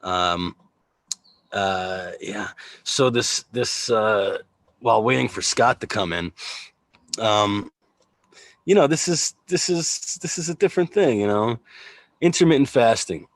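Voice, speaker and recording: A man's voice: on the low side, slow pace, long pauses, no room sound. A man hosting a casual livestream chat, joking, laughing often and rambling with fillers over a video call. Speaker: host.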